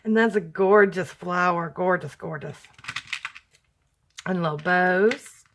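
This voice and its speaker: Woman crafter, slow unhurried unboxing chat, slightly low voice, gushing. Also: slight background noise. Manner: gushing, slow and soft-spoken. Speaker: crafting YouTuber opening happy mail.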